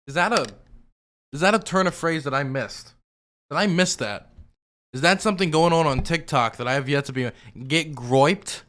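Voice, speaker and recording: A man's voice: fairly high pitch, lively intonation, a little fast, pauses often, a bit bright. A man giving casual, sarcastic reaction commentary as a streamer, rambling with lots of fillers.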